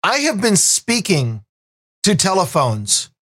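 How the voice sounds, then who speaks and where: A man's voice: sits high, wildly swooping pitch, takes it slowly, fairly bright tone, husky. A man co-hosting a podcast, throwing in sarcastic quips during casual chat. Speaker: podcast co-host.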